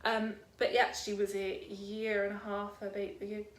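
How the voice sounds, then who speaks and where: A woman's voice: mid-range voice, monotone, measured pace. A young British woman vlogging in casual chat at home, rambling and hesitant, with many ums. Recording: echoey room.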